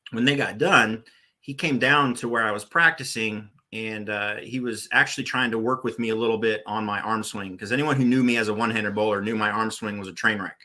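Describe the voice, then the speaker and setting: A man's voice: lowish voice, fairly even intonation, brisk, bright, forceful tone. A man in his forties, a podcast guest, telling stories in a loose, rambling way with plenty of restarts. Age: 40s. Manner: rambling, many restarts and "uh" fillers. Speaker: podcast guest, former bowling tournament director. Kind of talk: casual storytelling interview.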